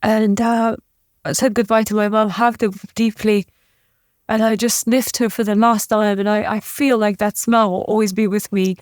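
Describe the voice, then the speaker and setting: A woman from the former Yugoslavia, a guest in an interview, telling a personal story in a halting, emotional way with restarts. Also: mid-range voice, level tone, darkish tone, dry recording, clean studio sound. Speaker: podcast guest.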